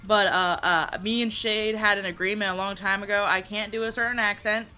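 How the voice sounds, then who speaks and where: Playful, teasing female co-streamer on a call, bright voice. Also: mid-range voice, fairly even intonation, smooth, soft background music. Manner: playful and teasing, quick talker. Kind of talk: casual livestream chat.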